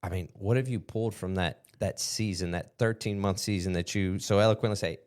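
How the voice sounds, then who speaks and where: A man's voice: low voice, brisk, darkish tone. A man hosting a podcast interview, asking reflective questions and affirming what his guest says. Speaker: podcast host. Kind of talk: casual interview chat.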